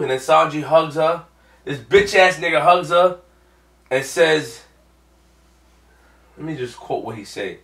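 A man hosting a manga reaction, ranting with profanity and swinging from mumbled recaps to yelling. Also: on the high side, measured pace, pauses often. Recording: echoey room, far from mic.

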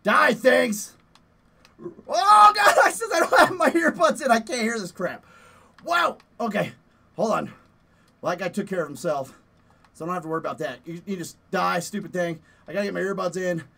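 A man streaming a horror game, yelling and playfully cursing at enemies, out of breath after push-ups. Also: high-pitched, animated, moderate pace, gravelly. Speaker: gaming streamer. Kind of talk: live gameplay commentary.

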